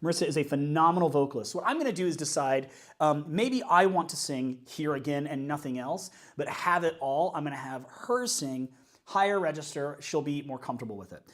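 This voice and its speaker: A man's voice: on the high side, a little fast, fairly bright tone. A man, a worship leader, chatting casually and upbeat on a livestream while working things out aloud.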